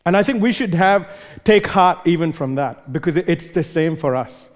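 A man's voice: a little high, lively intonation, normal speed. A man preaching a sermon, emphatic, repeating words for stress as he leads a congregation through a passage. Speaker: pastor. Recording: long reverb of a large hall.

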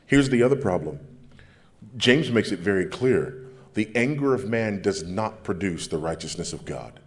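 Pastor, male, big low voice, emphatic repetition, sermon delivery. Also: animated, normal speed. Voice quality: big deep voice. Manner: emphatic, repeats phrases for effect.

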